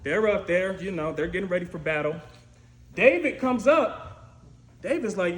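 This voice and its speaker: High-voiced man preaching a story sermon. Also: measured pace, creaky. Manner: lively, conversational, frequent "right?" asides. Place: church sanctuary. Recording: echoey church room with faint noise.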